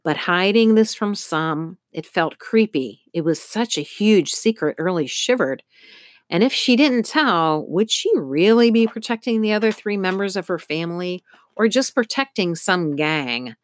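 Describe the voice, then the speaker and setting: A woman narrating an audiobook with expressive storytelling. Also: on the low side, a little slow, no echo, clean studio sound. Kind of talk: scripted narration.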